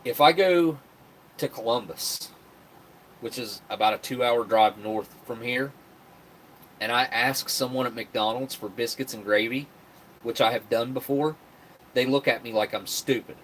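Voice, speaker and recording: Virginia guy rambling on a live stream, middle pitch, bit of faint noise behind him. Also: measured pace, fairly bright tone. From West Virginia. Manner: rambling, chatty, reads viewer comments aloud. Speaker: livestream host. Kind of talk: casual live-stream chat.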